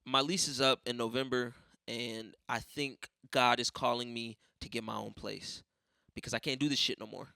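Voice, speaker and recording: A man's voice: mid-range voice, steady tone, normal speed, creaky, sharp tone, no echo, clean studio sound. A young man hosting a podcast, ranting casually with lots of swearing and telling stories by acting out other people's voices. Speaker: podcast host. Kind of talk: casual monologue.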